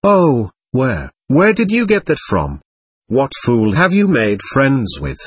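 A man reading an audiobook, voicing a calm, mild young man who questions gently. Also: medium pitch, measured pace, breathy edge, no room sound, clean studio sound, heavily acted. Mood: surprised.

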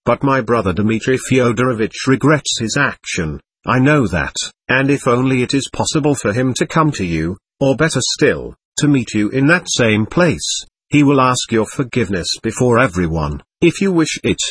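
A man reading the part of a gentle, earnest young man who speaks thoughtfully and kindly. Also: medium pitch, big pitch swings, moderate pace, husky, no echo.

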